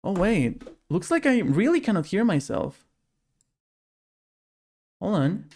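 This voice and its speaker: A man's voice: high-pitched, sing-song, slow pace, a little mellow. A man streaming himself playing a game, chatting casually and haggling jokingly with the characters on screen. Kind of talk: casual live-stream commentary while gaming.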